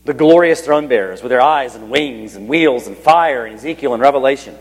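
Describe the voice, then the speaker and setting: A pastor with a somewhat husky voice delivers a sermon. He reads scripture with building emphasis and then sinks to a near whisper for the most reverent lines. His voice rings out with a long reverb, as if recorded in a church sanctuary. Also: medium pitch, animated, brisk, hardly any pauses.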